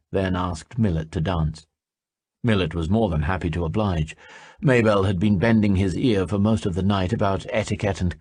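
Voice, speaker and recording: A man narrating a fantasy audiobook in a steady storytelling manner. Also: lowish voice, breathy edge, dry recording, clean studio sound. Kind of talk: scripted narration.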